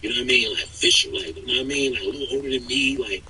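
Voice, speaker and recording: A man's voice: medium pitch, very fast, recorded from a distance, slight background noise, low-quality recording. A man streaming, telling a long story in casual chat and acting out the people in it. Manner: animated, acts out quoted people in raised voices.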